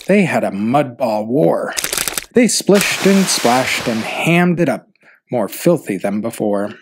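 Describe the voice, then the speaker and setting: A man reading a rhyming children's picture book aloud, with an expressive, rhythmic delivery. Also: mid-range voice, slow, noisy background. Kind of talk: read-aloud storybook narration.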